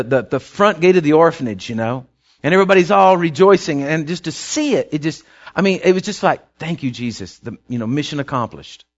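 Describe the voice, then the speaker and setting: A man preaching a sermon, telling a story in a folksy, rambling way. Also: fairly high pitch. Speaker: pastor. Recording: dull lo-fi recording.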